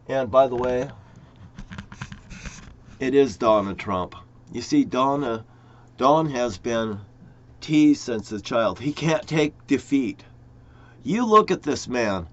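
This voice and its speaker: A man rambling profanely to camera in a conspiratorial monologue, jumping from topic to topic with sudden loud outbursts. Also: medium pitch, muffled recording. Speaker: vlogger.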